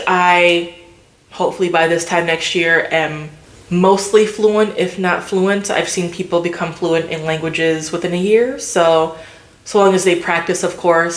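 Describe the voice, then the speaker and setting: A woman vlogger chatting casually to the camera, loose and filler-heavy. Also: lowish voice. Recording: roomy echo.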